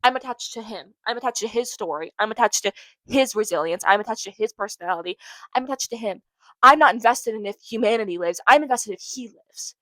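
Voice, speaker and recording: A woman's voice: a little high, fairly quick, sharp tone, no echo, poor audio. A young woman hosting her own podcast, talking alone in a casual, emotional and rambling way, often repeating phrases for emphasis. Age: young adult. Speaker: podcast host. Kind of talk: casual solo podcast monologue.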